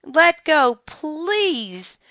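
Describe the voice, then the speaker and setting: A woman voicing an eager, friendly young girl in a storybook reading, with high, excited calls. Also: slow pace, no room sound. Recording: dull lo-fi sound.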